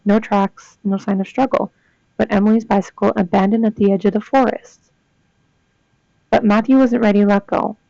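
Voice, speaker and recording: A young woman's warm, mid-range voice carries vocal fry as she reads ghost stories aloud and chats between them. She reacts with gasps and comments in this casual reading with asides. The dull lo-fi recording is dry, with no echo.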